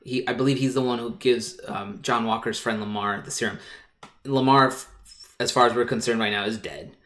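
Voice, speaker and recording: A man in an average pitch chats as a podcast host. He talks in an excitable, rambling way, piling on fillers and side remarks. He sounds loose and unscripted, like a friend holding forth. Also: fairly quick. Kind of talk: casual chat.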